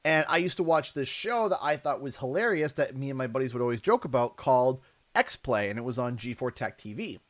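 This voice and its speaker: A man's voice: medium pitch, animated, brisk. A man in his thirties, a livestreamer telling a long story in a rambling, chatty way during a casual stream. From Canada.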